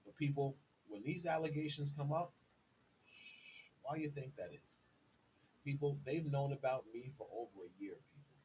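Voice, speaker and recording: A man's voice: mid-range voice, normal speed, darkish tone, a little hiss or hum, rough recording. A man delivering an indignant, insistent monologue as a podcast host, repeatedly addressing his listeners as "people". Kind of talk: direct-to-camera monologue.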